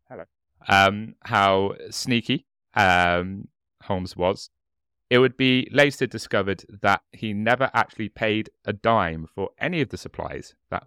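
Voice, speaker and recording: A man with a fairly low but bright voice hosts a casual true-crime podcast. He talks in a relaxed, hesitant way, full of ums and quick laughs. The recording is close and dry. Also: smooth, no echo. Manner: relaxed, hesitant with many fillers, laughs often. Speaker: podcast co-host.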